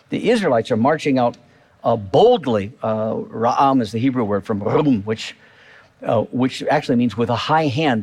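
Animated male preacher, chatty and lively. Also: breathy edge. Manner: lively, conversational preaching with many fillers and restarts; acts out quoted voices with rising pitch. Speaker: pastor. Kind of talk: sermon.

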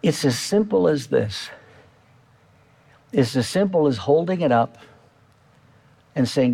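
A man's voice: fairly high pitch, expressive, slow pace, vocal fry, long pauses, dark tone, breathy edge. A male pastor preaching a sermon in a church, talking to the congregation in a conversational way and repeating key phrases.

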